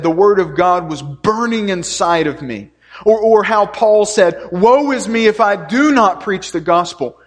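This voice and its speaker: A male preacher delivering an earnest sermon, stressing points by repeating them. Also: high voice. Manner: earnest, repetitive preaching with emphatic lists. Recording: long reverb of a hall.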